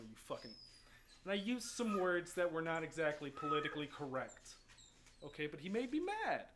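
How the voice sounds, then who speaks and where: A man's voice: on the high side, very animated, a little fast, a bit bright. Young man, podcast host, casual profane storytelling, faint noise. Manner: profane storytelling, swears freely. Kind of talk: casual chat.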